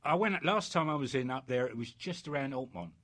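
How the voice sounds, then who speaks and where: An older man with a British accent tells stories from his youth in a loose, meandering way. He keeps circling back with fillers and restarts. His pitch sits in the ordinary middle range. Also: expressive, fast talker, a bit bright. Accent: British English. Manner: rambling anecdotes with many fillers. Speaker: interviewee. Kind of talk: storytelling in casual chat.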